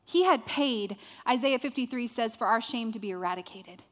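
A woman's voice: on the high side, moderate pace, fairly bright tone. Woman preaching in a reverberant hall. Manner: storytelling, acts out quoted dialogue. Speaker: pastor. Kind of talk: sermon. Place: church hall with a congregation.

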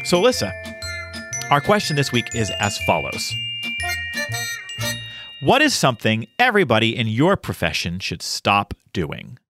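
Lively-voiced male podcast host. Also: mid-range voice, music in the background. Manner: animated, uses analogies, quick asides. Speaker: podcast host, speaker and consultant. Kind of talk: casual podcast conversation.

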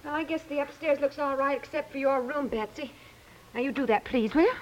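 An actress playing a flustered, fussy suburban housewife and mother in a 1950s radio comedy, talking fast and fretfully. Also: sits high, natural voice, low-quality recording. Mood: busy. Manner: quick, fretful, often indignant. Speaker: wife in a radio sitcom.

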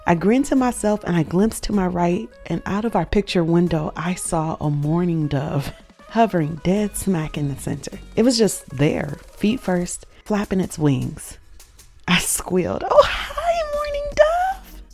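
A woman's voice: fairly low pitch, unhurried, vocal fry, darkish tone, soft background music. A woman hosting a show, earnestly telling a personal faith story, reflective and emotional at its peaks.

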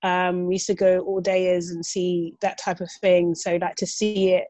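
Relaxed woman, dry close sound. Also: lowish voice, normal speed, no echo. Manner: relaxed, hedging, reflective. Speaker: podcast co-host. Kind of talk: casual chat.

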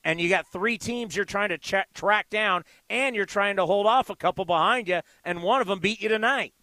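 Bright-voiced sports radio host, emphatic. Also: male voice, sits high, moderate pace, no room sound, poor audio. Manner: emphatic, repetitive, promotional. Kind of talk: postgame call-in show hosting.

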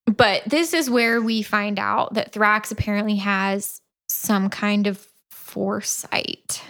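A woman co-hosting a podcast, casually retelling a book's plot with dry, deadpan asides and some swearing. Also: mid-range voice, takes it slowly. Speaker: podcast co-host.

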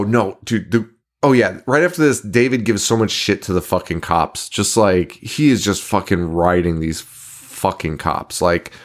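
A young man co-hosting a casual horror movie podcast, swearing a lot, laughing often and acting out movie lines. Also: fairly low pitch. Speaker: podcast co-host.

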